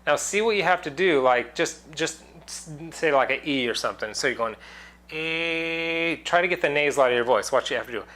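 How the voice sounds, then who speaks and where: A man's voice: medium pitch, fast talker. Man giving a rambling casual singing lesson. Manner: relaxed, rambling explanations with many fillers and demonstrations. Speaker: singing teacher.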